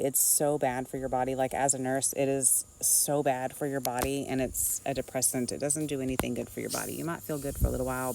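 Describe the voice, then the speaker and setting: A woman's voice: extremely low pitch, mellow, far from the mic, slight background noise, poor audio. A woman, a nurse, giving earnest, rambling spiritual advice in a casual vlog, recorded outdoors.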